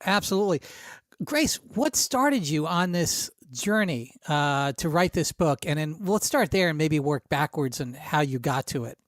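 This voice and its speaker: A man's voice: fairly high pitch, lively intonation, a little slow, a bit bright, dry recording, clean studio sound. A man co-hosting a casual podcast, eager and jumping in with questions. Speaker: podcast co-host.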